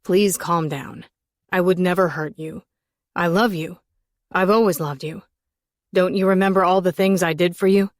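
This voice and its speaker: A woman's voice: on the low side, normal speed, no echo, studio quality, natural voice. A woman reading an audiobook, voicing an obsessive man whose desperate pleading turns threatening. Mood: insistent. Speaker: audiobook narrator voicing a character.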